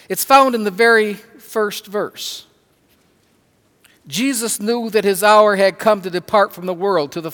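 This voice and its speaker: A man preaching a sermon as pastor, slow and emphatic, stressing words with pauses. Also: fairly high pitch, a bit bright. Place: church sanctuary. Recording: long hall reverb.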